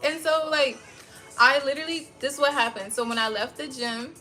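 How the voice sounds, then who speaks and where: A young adult woman telling a heated personal story in casual livestream chat, profane and animated, acting out what people said. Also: sits high, a little fast, soft background music. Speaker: livestream host.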